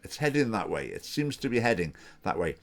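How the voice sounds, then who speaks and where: A man's voice: fairly low pitch, big pitch swings. Earnest Scottish man giving commentary. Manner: earnest, measured, repeats points for emphasis. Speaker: political party spokesman. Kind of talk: opinion commentary to camera.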